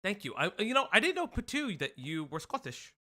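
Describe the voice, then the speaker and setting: An American man hosting a casual livestream commentary, rambling and excitable with lots of stammered restarts. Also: high voice, fairly quick. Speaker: streamer host.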